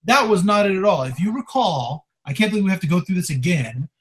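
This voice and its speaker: A man's voice: high-pitched, sing-song, fast, a crowd in the background. A man co-hosting a podcast, talking casually and animatedly about a show and defending his view. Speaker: podcast co-host. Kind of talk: casual film discussion.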